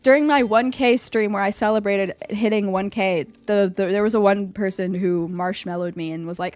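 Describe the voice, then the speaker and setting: A young woman streaming live, chatting casually with her chat and answering a quiz about herself, animated and at times breaking into loud high squeals. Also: a little fast, hardly any pauses, clean tone, no room sound, soft background music. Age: young adult. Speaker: VTuber streamer.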